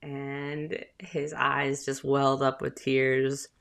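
Southern mom host, thirties, low slow chatty voice, gravelly fry, rambling storyteller. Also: female voice, little pitch movement, a bit bright. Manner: chatty, rambling, with filler words and laughs. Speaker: podcast host, mother. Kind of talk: casual storytelling.

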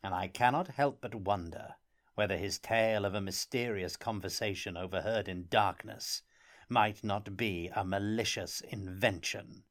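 Man reading a gruff, suspicious court minister. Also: fairly low pitch, normal speed, a bit bright. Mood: scornful. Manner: gruff, ungracious, stern. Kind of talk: audiobook character reading.

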